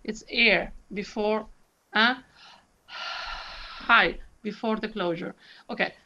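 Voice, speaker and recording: A woman's voice: medium pitch, steady tone, takes it slowly, bright, forceful tone, muffled recording. A woman, a soprano and vocal coach, talking expressively in an interview and demonstrating sounds. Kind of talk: animated interview chat.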